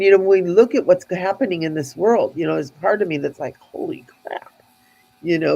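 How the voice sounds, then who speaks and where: Gravelly husky woman telling a spiritual story. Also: fairly low pitch, mellow, lo-fi sound. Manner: earnest, heartfelt, with frequent restarts.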